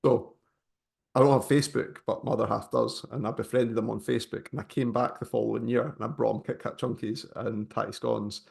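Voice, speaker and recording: Scottish man, podcast co-host, heavy gravel in the voice, rambling chatty storyteller. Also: mid-range voice, little pitch movement, brisk, a little mellow. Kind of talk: casual chat.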